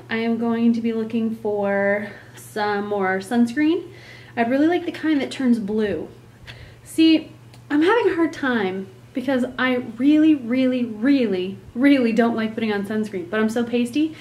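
A woman with a slightly high, faintly mellow voice vlogs casually about her vacation, chatty, playful, and laughing often. The room is echoey, with faint background noise.

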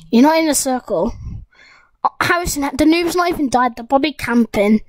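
Young gamer girl, high-pitched and dry-miked, excitable rambling game commentary to viewers. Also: no echo, low-quality recording. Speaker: gaming YouTuber. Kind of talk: casual gameplay commentary.

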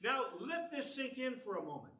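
Male preacher, earnest sermon, high bright voice, miked from afar in a roomy church. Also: big pitch swings, normal speed. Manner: earnest, explanatory, reads scripture aloud. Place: church sanctuary. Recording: echoey church from far off.

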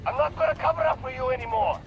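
An actor playing an irritated guard who yells for a missing comrade, in video game dialogue. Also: male voice, very high-pitched, fast, gravelly, muffled recording, a little hiss or hum. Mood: exasperated. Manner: shouting, exasperated. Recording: distant game audio with music.

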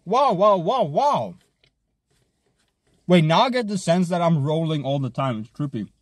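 A man chats casually while he eats on a live stream. His voice sits a little high and is husky, with lively leaps in pitch. The sound is dry and close, and his delivery is loose, jokey and full of swearing. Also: a little slow, dry recording. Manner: hyped, joking, swears a lot, chews and hums between bites.

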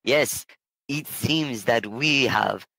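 A cold, scheming supervillain plots in a slow, stilted German accent, put on by a man. The voice is gravelly and bright. It is recorded dry, close to the mic. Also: mid-range voice, no echo, heavily acted. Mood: menacing.

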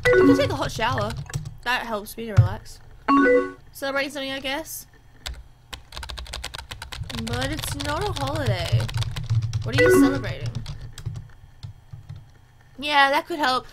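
A woman's voice: high voice, animated, measured pace, pauses often, loud music behind the voice. A woman hosting a gaming channel, reading both sides of a chat game's messages aloud in a chatty, reactive way.

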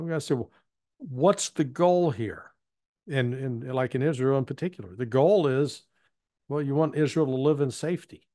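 A man of middle pitch talks through his views as an interview guest, a former intelligence analyst. His delivery is plain-spoken and halting, circling back and restarting phrases as he thinks. The sound is dry and close, with no room around it. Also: a little mellow, dry recording. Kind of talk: conversational political commentary.

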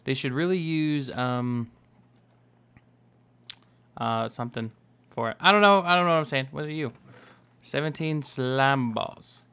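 A young man chatting casually as he narrates his own gameplay, upbeat and quick to exclaim. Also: mid-range voice, sharp tone, clear, resonant tone. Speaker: Minecraft let's play host.

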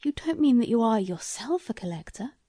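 A woman voicing a shrewd, eager older lord who questions a visitor in a courteous, soft-spoken way. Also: on the high side, very animated, brisk, breathy edge, dry recording, studio quality.

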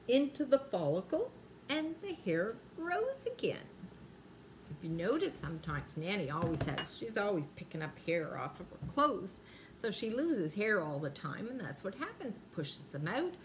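Animated grandmother reading to children. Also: on the low side, a little hiss or hum. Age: older. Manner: playful, drawn-out punchlines. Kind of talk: bedtime read-aloud for young children.

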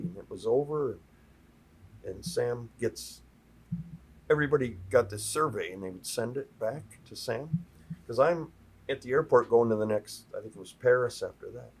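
A man in his sixties from Minnesota, a sign painter telling lively stories as a podcast guest. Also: medium pitch, breathy edge. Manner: lively anecdotes, acting out other people's lines in a raised voice. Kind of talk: storytelling in a podcast chat.

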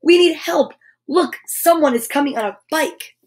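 Brief: woman reading a gentle, earnest girl bear, high voice. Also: moderate pace. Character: kind, sensible female toy bear.

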